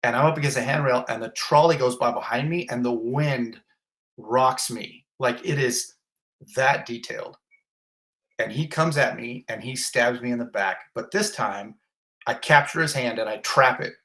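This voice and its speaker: A man of middle pitch recounts his own ordeal in a vivid, blunt, intense way. He swears now and then and piles up detail after detail. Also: moderate pace, fairly bright tone. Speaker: fire captain. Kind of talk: intense first-person retelling.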